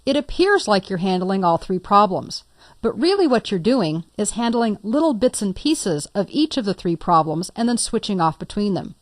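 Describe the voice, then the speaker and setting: A woman talks through a computer lesson in a relaxed, chatty way, using a homely story to make her point. Her voice sits at an ordinary middle pitch, and the recording is dry and close with no room sound. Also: normal speed, no room sound. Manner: conversational, playful teaching with story examples. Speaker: computer instructor. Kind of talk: recorded lecture.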